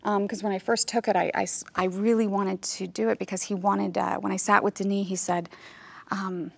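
Thoughtful woman with a creaky voice. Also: mid-range voice, flat delivery, no echo. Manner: thoughtful, halting, with many restarts. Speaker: actress, roundtable guest. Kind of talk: casual roundtable conversation. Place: studio with a group of guests.

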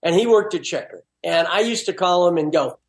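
A man talking as a guest in a casual chat, an animated storyteller. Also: a little high, brisk, echoey room.

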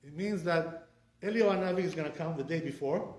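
A man's voice: a little high, brisk, echoey room. A man, a rabbi teaching an informal Torah class with conviction and lots of fillers. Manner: animated, repetitive fillers, speaks with conviction.

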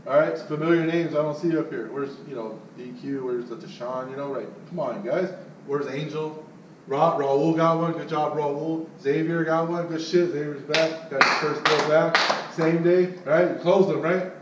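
A man leading his sales team in a loud, blunt, profane pep talk. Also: a little high, steady tone, normal speed. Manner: loud, blunt, swearing, mocks others in put-on voices. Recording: echoey, distant mic with faint noise.

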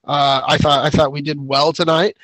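A man's voice: on the high side, flat delivery, moderate pace, fairly bright tone, no room sound. A man co-hosting a show, chatting casually, rambling and laughing often. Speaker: podcast co-host. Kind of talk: casual chat.

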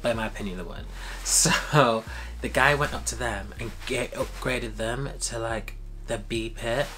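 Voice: mid-range voice, normal speed, bright, forceful tone, slight background noise. A young adult telling a casual storytime, acting out quoted dialogue with big, dramatic jumps in voice. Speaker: vlogger.

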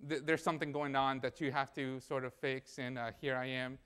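Smooth-voiced young man preaching. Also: mid-range voice, little pitch movement, brisk, fairly bright tone. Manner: conversational storytelling, acts out dialogue. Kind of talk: sermon with personal story. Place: church.

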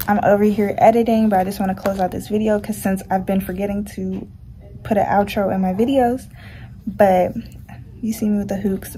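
A woman's voice: mid-range voice, warm tone, a little hiss or hum. A young woman with a light Southern accent, talking in a chatty, slangy, rambling way as she vlogs. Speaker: vlogger. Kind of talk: casual vlog chat.

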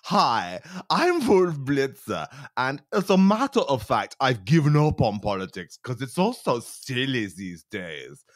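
A man putting on the voice of a silly, excitable male news pundit who rambles in babyish talk. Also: medium pitch, measured pace, few pauses, dry recording, studio quality, pitched above the performer's own voice. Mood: babbling.

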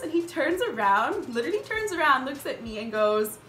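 A woman in her twenties, a beauty vlogger chatting casually while doing her makeup, telling stories in an animated way with lots of fillers. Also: sits high, brisk, few pauses. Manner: animated storytelling, filler-heavy. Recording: roomy echo with background music.

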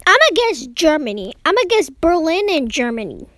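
A young woman giving casual commentary while playing a map-guessing game, excitedly talking to herself as she guesses. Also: sits high, normal speed, no room sound. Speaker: game player.

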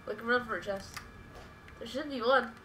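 A woman's voice: fairly high pitch, crowd noise. Bossy woman barking game directions. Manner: bossy, rapid-fire instructions. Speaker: co-player giving directions. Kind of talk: casual let's-play chat.

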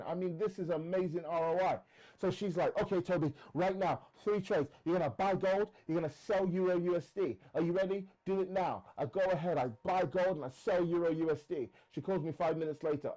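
A man, a trading mentor, telling a personal story in an animated monologue and acting out the people he quotes. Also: a little fast, poor audio. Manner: acts out quoted callers with shifts in pitch, emphatic repetition. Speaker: trading mentor speaking to camera.

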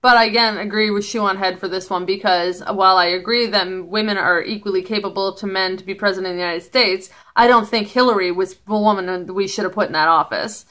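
A woman's voice: medium pitch, fairly even intonation, fast, few pauses, fairly bright tone. A woman vlogging at home in casual commentary, blunt, profane and sarcastic. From Canada.

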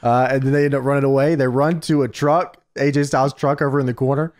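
A man's voice: medium pitch, steady tone, fast, a little mellow. A man co-hosting a podcast, casually narrating a wrestling recap in laid-back play-by-play with filler words. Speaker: podcast co-host.

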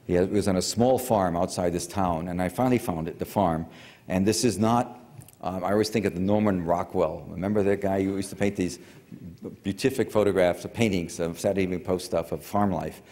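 A man's voice: sits low, fairly even intonation, fairly quick, darkish tone. An older man giving a public lecture, telling a story in a rambling, digressive way with many fillers and restarts. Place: large lecture hall. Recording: reverberant hall.

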